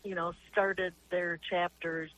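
A woman's voice: lowish voice, level tone, slow pace, a bit bright, poor audio. An older woman, a grandmother, calling in to a radio talk show and telling an earnest, rambling story with many restarts. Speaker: caller. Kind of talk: call-in radio question.

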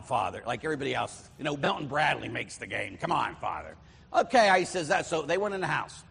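A middle-aged priest from Pittsburgh preaching in a loose, storytelling way, his voice sitting a bit high for a man. He breaks into the voices of the people in his anecdotes. The sound rings with the long reverb of a big church. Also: a bit bright. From Pittsburgh, USA. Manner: storytelling, acts out voices, chatty with fillers. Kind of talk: conversational sermon.

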